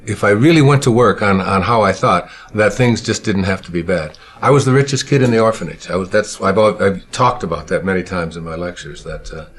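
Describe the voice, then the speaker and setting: A man from Michigan telling stories from his childhood in an unhurried, reflective way, often pausing to search for words. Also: fairly low pitch. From Michigan, USA. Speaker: speaker recalling his childhood. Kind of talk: personal storytelling.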